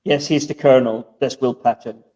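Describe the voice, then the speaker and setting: Male co-host, mellow tone, rambling and stammering, distant from the mic on an online call. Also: medium pitch, steady tone, a little fast. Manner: rambling, stammers and repeats words. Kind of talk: casual chat.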